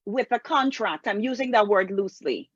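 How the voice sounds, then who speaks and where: A woman host asking careful, deliberate interview questions. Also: medium pitch, lively intonation, husky, dry recording. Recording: dull lo-fi sound.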